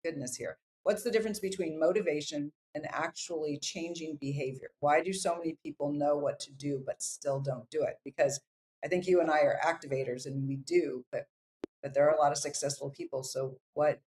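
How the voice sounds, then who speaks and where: A woman's voice: low-pitched, brisk, a little mellow. A woman hosting a podcast interview, asking loose, rambling questions in a chatty way. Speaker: podcast host.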